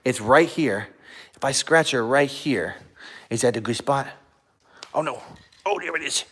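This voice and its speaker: A man's voice: mid-range voice, animated, measured pace, a bit bright, slightly rough. A man hosting a live stream, chatting casually with viewers and laughing often while he plays with and talks to his dogs. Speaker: YouTube live stream host.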